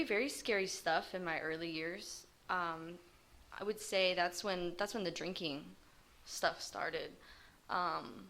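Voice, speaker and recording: A woman telling her life story in a personal testimony, halting and hesitant with frequent pauses. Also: fairly low pitch, gravelly, bright, forceful tone. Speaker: recovery group member sharing her story.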